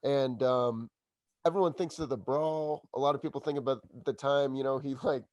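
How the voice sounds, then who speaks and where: A man's voice: medium pitch, fairly even intonation, normal speed, darkish tone, no echo, muffled recording. A man hosting a podcast, talking in an eager, chatty way. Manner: eager, chatty fan talk. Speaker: podcast host. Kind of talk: casual podcast chat.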